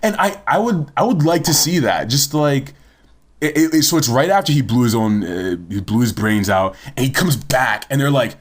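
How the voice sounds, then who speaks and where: Young man, podcast co-host, lively swinging pitch, profane, casual chat. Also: brisk. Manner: animated, profane storytelling.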